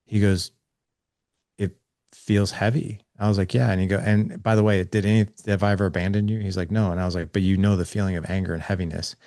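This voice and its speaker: Podcast guest, forties, candid storyteller who voices the people he quotes; low, raspy tone. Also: flat delivery, fast, mellow, no echo, studio quality. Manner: earnest, acts out quoted dialogue with his son.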